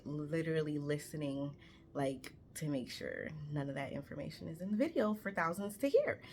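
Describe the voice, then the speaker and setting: A woman around thirty telling a story on her vlog in a chatty, animated way, swearing freely and talking straight to her viewers. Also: lowish voice, slight background noise.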